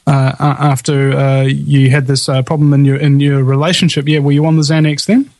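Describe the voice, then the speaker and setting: A man's voice: fairly high pitch, flat delivery, fairly quick, darkish tone, no room sound, poor audio. A man hosting a casual online show, rambling with many restarts. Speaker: show host.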